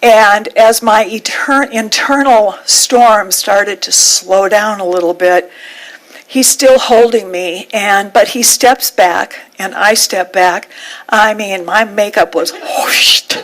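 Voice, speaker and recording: A woman minister giving a sermon, telling a heartfelt story with measured pauses. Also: medium pitch, a bit bright, low-quality recording.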